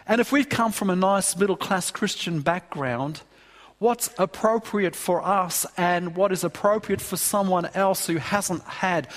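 A man preaching a sermon in a church, earnest and emphatic, often restarting phrases. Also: high voice. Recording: long hall reverb.

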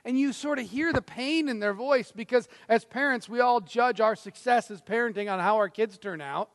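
Pastor, male, high gravelly voice, dramatic sermon delivery in a reverberant hall. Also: normal speed. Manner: dramatic, swings from loud to hushed, acts out quotes.

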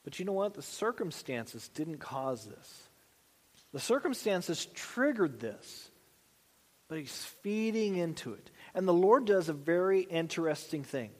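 A man's voice: a little high, big pitch swings, a little slow, long reverb tail. A man preaching a sermon in a conversational, folksy way with lots of asides. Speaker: pastor.

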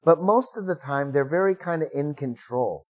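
A man's voice: on the high side, expressive, moderate pace. A middle-aged man, a pastor, preaching a sermon in a conversational way, acting out the prayers he quotes with rising emphasis.

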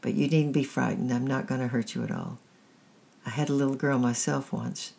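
A woman's voice: rumbling low, a little fast, mellow. A woman reading a storybook aloud, voicing a weary, blunt middle-aged male thief who is kind underneath. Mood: gentle. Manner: blunt, rough, hesitant.

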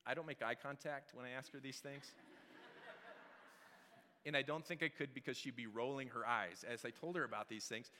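A man's voice: mid-range voice, steady tone, normal speed, long pauses, pushed and bright, slight background noise. Man preaching a casual sermon in a hall. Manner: conversational, joking, asks the congregation questions. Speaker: pastor. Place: church hall. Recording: reverberant hall.

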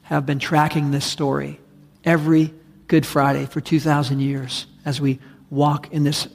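Gravelly pastor preaching in a reverberant hall. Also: male voice, fairly high pitch, level tone, a little slow. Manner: conversational, emphatic preaching with repetition. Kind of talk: sermon. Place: church sanctuary.

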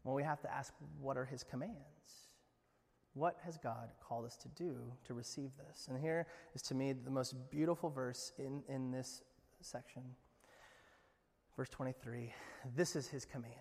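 A man preaching a sermon with earnest passion, swinging from booming declarations to hushed, intimate moments. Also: moderate pace, creaky, long reverb tail. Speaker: pastor.

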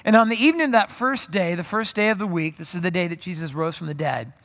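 High, bright-voiced preacher in a big hall. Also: male voice. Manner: animated storytelling with joking asides. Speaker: pastor. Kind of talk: sermon. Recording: long reverb of a large hall.

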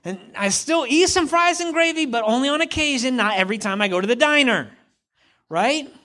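A man's voice: extremely high pitch, animated, a little fast, pushed and bright. A middle-aged man preaching in a conversational way, repeating lines for emphasis. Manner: conversational, acts out hypothetical quotes, repeats for emphasis. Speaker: pastor. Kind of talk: sermon.

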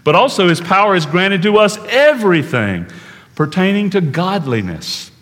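A man preaching a sermon in an earnest way, slowing down to stress key words and dropping to a hush at times. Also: sits high, big pitch swings, big-room sound. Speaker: pastor.

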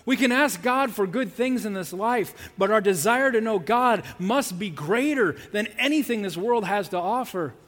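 A man's voice: high-pitched, lively intonation, moderate pace, hardly any pauses, a bit bright, long reverb tail. A male pastor preaching a sermon in earnest, repeating key phrases for emphasis.

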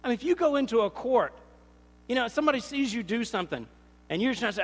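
A man preaching a sermon, animated and storytelling, acting out little scenes in different voices. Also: very high voice, fast, big-room sound. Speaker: pastor.

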